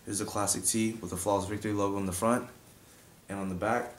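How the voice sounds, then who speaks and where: A man's voice: fairly low pitch, fairly even intonation, quick pace, a little hiss or hum. Laid-back young man teaching beatbox. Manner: chatty, laid-back, demonstrates mouth sounds. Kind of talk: casual video tutorial.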